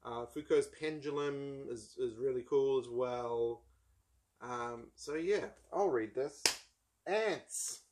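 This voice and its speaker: A man with a New Zealand accent chats casually about books, rambling and wry, with plenty of ums and asides. His voice sits at a middling pitch for a man. He hosts in a relaxed, offhand way. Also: slow. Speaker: book channel host. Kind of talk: casual book haul chat.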